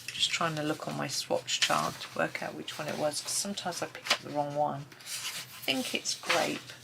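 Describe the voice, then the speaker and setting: British woman hosting a colouring vlog, low voice with a gravelly edge, soft chatty delivery. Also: steady tone, moderate pace, heavy background noise. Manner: chatty, soft-spoken, drifts into murmured asides. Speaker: colouring video creator. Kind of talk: casual narration while colouring.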